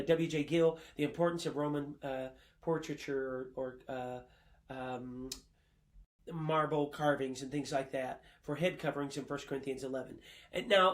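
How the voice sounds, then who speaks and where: A man teaching a Bible class as a college professor, emphatic and quoting sources, with many "uh" fillers. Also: fairly high pitch.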